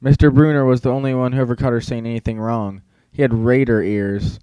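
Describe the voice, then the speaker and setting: A man's voice: medium pitch, fairly even intonation, brisk, mellow, clean tone, dry recording. Man narrating an audiobook. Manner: first-person storytelling, wry.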